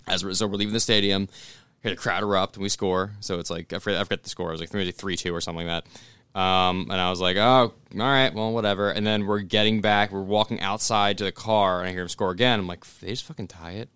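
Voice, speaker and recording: Man, animated casual storytelling, swears, dry close sound. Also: low voice, quick pace, clear, resonant tone, dry recording. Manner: animated, swears a lot, laughs through the story. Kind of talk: casual storytelling among friends.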